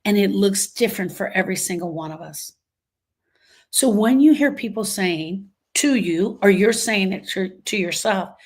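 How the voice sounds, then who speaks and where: Her mid-range voice is animated and moderately paced as she hosts a motivational livestream on grief coaching. She speaks emphatically, poses many rhetorical questions and reads audience comments aloud warmly.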